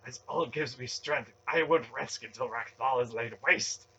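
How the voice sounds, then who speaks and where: A man voicing a fervent, stern male zealot who speaks in sharp outbursts. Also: medium pitch, a little slow, slight background noise, pitched above the performer's own voice. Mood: indignant.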